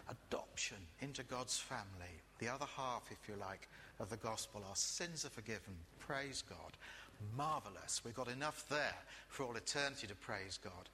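A man preaching a sermon to a congregation, chatty and lively, with jokey asides and sudden quiet emphasis. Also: mid-range voice, big-room sound, a little hiss or hum.

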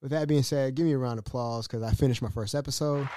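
A man's voice: medium pitch, fairly even intonation, quick pace, mellow, dry recording, a faint crowd. A man hosting a podcast, telling a story casually, laughing often and acting out other people's voices. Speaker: podcast host.

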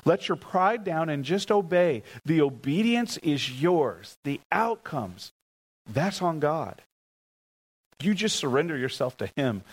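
A man preaching a sermon, emphatic and repetitive, leading the congregation in call-and-response and telling stories with animated excitement. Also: low-quality recording. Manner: emphatic, repeats key phrases, leads the congregation in call-and-response; animated storytelling with rising pitch when excited. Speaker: pastor.

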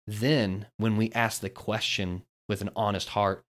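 A man with a somewhat low voice hosts a devotional podcast. He talks earnestly and builds his points like a storyteller. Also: moderate pace, hardly any pauses. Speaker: podcast host.

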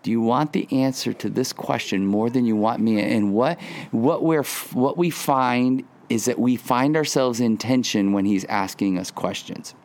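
A man preaching a sermon as pastor, earnest, rising into high pleading lines and dropping to quiet, hushed words. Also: unhurried. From Southern California. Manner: earnest, rising to high emphatic pleas, dropping to soft near-whispers.

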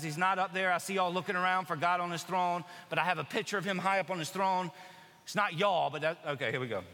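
High, bright-voiced preaching man. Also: in a large hall. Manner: animated, conversational preaching with acted-out quotes. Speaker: pastor. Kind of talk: sermon. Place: church sanctuary.

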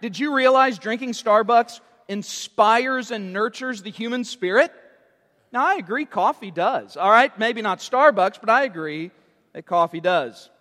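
High-voiced joking preacher in a reverberant hall. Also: male voice, measured pace, pushed and bright. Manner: teasing, joking with the congregation. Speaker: pastor. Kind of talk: sermon.

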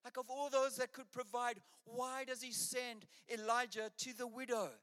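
Rousing Australian preacher in a reverberant church. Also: male voice, very high voice, flat delivery, moderate pace, fairly bright tone. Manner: rousing, urges the congregation on. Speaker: pastor. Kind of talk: sermon.

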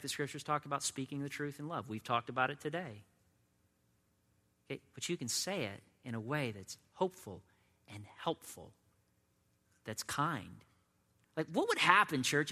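Man, pastor, casual sermon, bright forceful tone, long church reverb. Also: a little high. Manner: conversational, acts out imagined voices. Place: church sanctuary.

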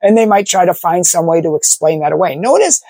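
A man's voice: high voice, expressive, fairly quick, gravelly, a little mellow, husky, no room sound. A man, a Catholic apologist, delivering an argumentative monologue full of rhetorical questions. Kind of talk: opinion monologue to camera.

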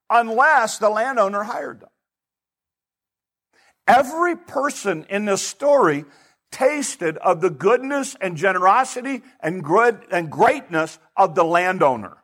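A male pastor preaching a sermon in an animated way, asking his listeners rhetorical questions. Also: sits high, husky.

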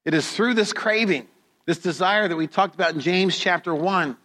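A middle-aged pastor gives a sermon in a fairly high, bright voice. He speaks slowly and deliberately, telling his stories with drama, and a long hall reverb follows each phrase.

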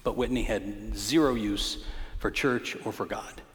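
A man's voice: lowish voice, steady tone, measured pace, fairly bright tone, a little hiss or hum. A male pastor preaching a storytelling sermon in a church, with humor, a conversational tone and punchy emphasis. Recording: hall reverb.

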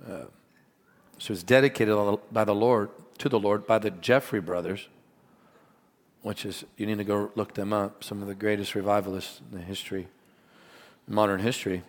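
A man preaching a sermon as pastor, earnest and animated, mixing stories and asides with scripture. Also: on the low side, normal speed. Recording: long hall reverb.

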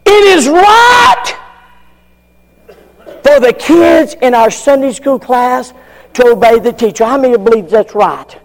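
Brief: older male preacher, fiery, high voice, slow and swooping. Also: lively intonation, a little hiss or hum. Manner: fiery, shouting, acts out congregants. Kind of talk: sermon.

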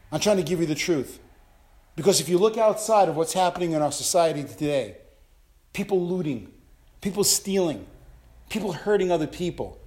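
Older pastor guy preaching hard, slightly high voice, gets loud and climbs up high. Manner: impassioned preaching, swings from low asides to loud high calls. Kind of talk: sermon.

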